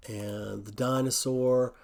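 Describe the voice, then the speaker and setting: A man hosting a coding tutorial, thinking aloud in a relaxed way as he walks through a screen recording. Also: mid-range voice, slow pace, vocal fry.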